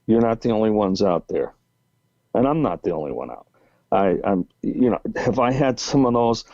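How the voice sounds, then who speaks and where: A New England man in his sixties, a podcast guest, rambles through a long story full of restarts in a lowish, sing-song, mellow voice at normal speed. The call audio is dry but muffled and lo-fi.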